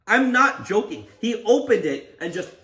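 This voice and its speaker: Animated young man ranting a funny story. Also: high-pitched, normal speed. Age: young adult. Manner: animated, exaggerated, mocking. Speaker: comedy YouTuber. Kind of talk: comedic storytime rant.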